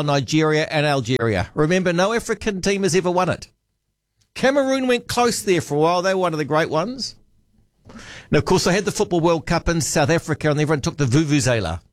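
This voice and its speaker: A man's voice: fairly high pitch, no room sound, clean studio sound. A man hosting talk radio, chatty and musing aloud. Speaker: radio host.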